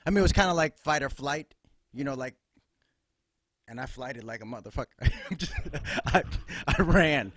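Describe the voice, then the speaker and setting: A man's voice: medium pitch, a bit bright, no room sound. Man from chicago, comedian guest, profane, rambling, punchy, dry close sound. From Chicago, USA. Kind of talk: casual comic storytelling on a podcast.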